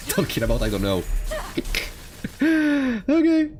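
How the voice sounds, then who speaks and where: Speaking slowly in a high voice with huge pitch swings, an Italian man streams a game. His Italian-accented commentary is casual, wry and sarcastic, full of laughter, with faint game music in the background.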